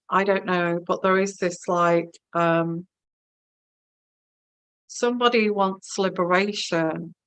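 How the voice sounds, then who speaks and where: A woman's voice: medium pitch, a bit bright, clean tone, no echo, rough recording. A woman giving a live-streamed tarot reading, musing and hesitant, with many fillers and restarts. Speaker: tarot reader.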